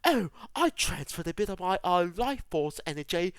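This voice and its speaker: A man mocking Rey, a flat young Jedi heroine. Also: sits high, moderate pace, no echo, studio quality, voice pushed up.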